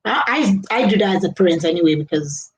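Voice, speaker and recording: A woman's voice: medium pitch, animated, fast talker, a little hiss or hum, low-quality recording. A middle-aged woman, chatting casually on a live stream, laughing often and talking to viewers. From Nigeria. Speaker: live-stream host reading viewer comments.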